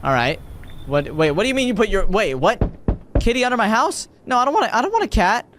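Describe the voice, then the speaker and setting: Young male gamer, excitable, chatty, raised pitch, faint noise. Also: fast. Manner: excitable, chatty, reads game text aloud. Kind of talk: let's play commentary.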